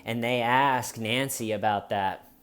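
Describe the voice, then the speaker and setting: A man talks through a courtroom testimony as a casual comedic commentator. His delivery is unhurried, rambling and openly mocking, and his voice sits at a middling pitch. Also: fairly even intonation, fairly bright tone, smooth. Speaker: true crime commentator.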